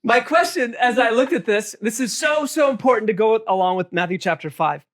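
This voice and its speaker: A man leading a Bible study group, animated and joking, asking the room questions. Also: very high-pitched, brisk.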